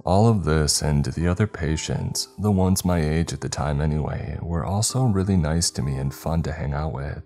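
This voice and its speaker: A man narrating a first-person horror story in a measured storytelling manner, over faint music. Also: extremely low pitch, warm tone.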